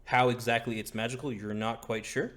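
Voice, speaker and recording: A man's voice: medium pitch, fairly even intonation, fairly quick, a bit bright. A man narrating as game master in a casual, hesitant way with many fillers.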